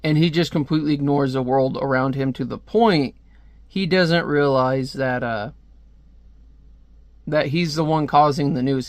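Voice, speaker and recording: A man's voice: mid-range voice, dry recording. A young man reviewing a comic book in a casual, rambling way, with lots of fillers and asides.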